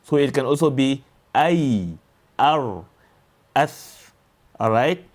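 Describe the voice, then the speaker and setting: A man teaching a recorded lesson, explaining slowly and patiently, repeating each sound and drilling examples. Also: mid-range voice. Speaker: Quran tajwid teacher.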